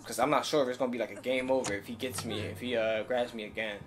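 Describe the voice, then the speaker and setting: A young man hosting a gaming channel, giving excitable running commentary to his viewers as he plays, often bursting into high-pitched yelling. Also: fast talker, slight background noise. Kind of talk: live game commentary.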